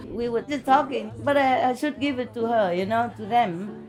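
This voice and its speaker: A woman's voice: on the high side, normal speed. Chatty woman telling fond stories, laughing. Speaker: spiritual teacher. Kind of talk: casual storytelling chat.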